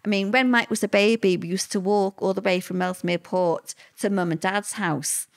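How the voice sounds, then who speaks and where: A woman's voice: medium pitch, normal speed, creaky. A middle-aged woman, telling a personal story as an interview guest, chatty and repetitive. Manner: conversational, repeats words, lively quoted voices.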